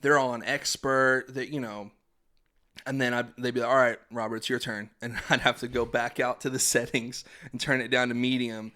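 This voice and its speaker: A young man tells a family story on a podcast in loose, chatty fashion. He laughs often and jumps into voices for his relatives. His voice sits at an ordinary middle pitch. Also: little pitch movement, normal speed, bright, forceful tone. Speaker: podcast host. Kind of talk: casual storytelling chat.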